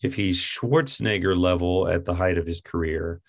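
A man's voice: low-pitched, normal speed. A man casually reviewing a film with a co-host, given to incredulous, exasperated outbursts.

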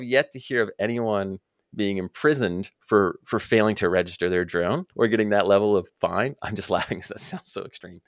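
A man explaining rules in a casual podcast, talking quickly and using lots of "like" fillers. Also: on the low side, no echo, clean studio sound. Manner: fast, filler-heavy talk with frequent "like". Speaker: drone training founder and guest expert.

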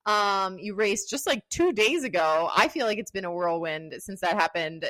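A woman's voice: medium pitch, animated, moderate pace, fairly bright tone, no echo, rough recording. A woman hosting a podcast, asking questions in an upbeat, playful way. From United States. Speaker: podcast host. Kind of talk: casual interview chat.

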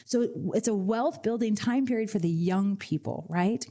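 Woman, financial advisor, radio talk host, mellow tone, energetic storyteller. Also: mid-range voice, moderate pace. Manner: energetic storyteller, acts out client voices.

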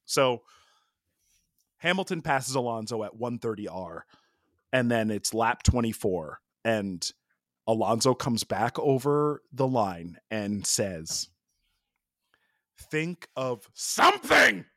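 A man co-hosting a podcast in casual sports chat, telling stories in an animated way with lots of "like" fillers. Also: lowish voice, slow, dry recording, studio quality. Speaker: podcast co-host.

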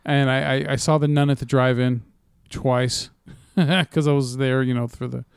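A man's voice: medium pitch, fairly even intonation, normal speed, smooth, dry recording, studio quality. A man co-hosting a casual podcast, chatting in a laid-back way full of fillers and swearing. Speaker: podcast co-host. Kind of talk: casual chat.

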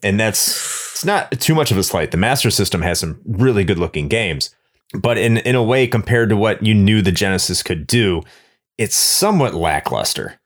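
A man hosting a casual game review podcast, talking in a measured, analytical way. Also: lowish voice, big pitch swings. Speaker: podcast host.

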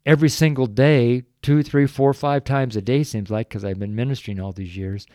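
Folksy older man preaching, dark voice. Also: mid-range voice, steady tone, normal speed, no echo, studio quality. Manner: earnest, folksy, breaks into chuckles, gets choked up. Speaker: street preacher. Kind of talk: evangelistic sermon.

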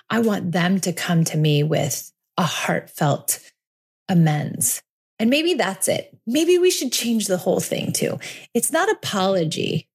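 A woman in her forties hosting a parenting podcast, talking earnestly and reflectively, slowing down to stress her points. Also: fairly low pitch, a little mellow, slightly rough. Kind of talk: reflective solo podcast talk.

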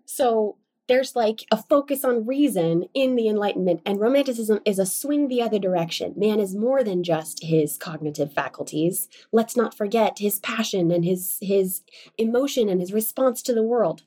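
A woman's voice: medium pitch, normal speed, mellow. A woman co-hosting a casual book-club podcast, chatty and self-deprecating, laughing often. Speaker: podcast co-host.

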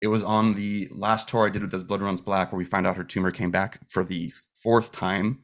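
A man's voice: low-pitched, little pitch movement, moderate pace. A man guest on a podcast, telling a personal story in casual, candid talk full of swearing and fillers. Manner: rambling with restarts and fillers like "dude" and "like". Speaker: podcast guest, metal musician.

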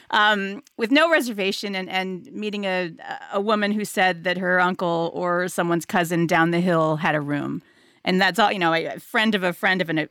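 A middle-aged woman chats with an author about his book, lively and quick to laugh. Her voice is recorded close and dry, with no room sound. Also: lowish voice, no room sound. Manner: animated, laughs often. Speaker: interviewer. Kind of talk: book interview chat.

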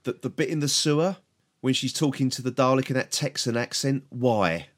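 A man's voice: mid-range voice, moderate pace. A British man co-hosting a podcast, casually reviewing an episode, hesitant and full of repeated words and grumbles. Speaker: podcast co-host.

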